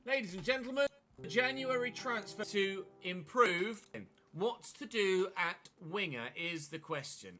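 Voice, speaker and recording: A man's voice: sits high, expressive, a little slow, bright, forceful tone. A man streaming a football career game, commenting casually with a chatty, wry manner and answering his chat.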